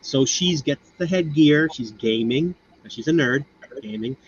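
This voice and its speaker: A man's voice: fairly high pitch, expressive, a little slow, a little hiss or hum. Rambling American man with a muffled sound. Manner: rambling storyteller, many fillers. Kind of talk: casual chat.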